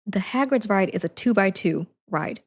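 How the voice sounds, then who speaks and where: A woman's voice: mid-range voice, animated, moderate pace. Young female streamer, casual rambling storyteller, acts out dialogue. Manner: chatty, many fillers, acts out quotes.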